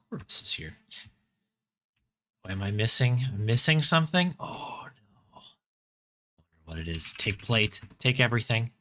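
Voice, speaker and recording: A man's voice: lowish voice, sharp tone. A man casually commenting on an adventure game, reading text aloud, playfully muttering and humming. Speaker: let's play streamer.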